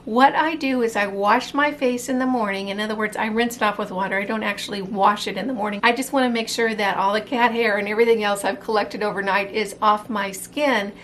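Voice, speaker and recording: A woman's voice: medium pitch, fairly even intonation, brisk, few pauses, fairly bright tone, a little hiss or hum. A woman in her fifties, a beauty vlogger, casually walking viewers through her skincare device routine with friendly tips. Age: 50s. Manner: chatty, friendly how-to explaining. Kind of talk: casual product demo.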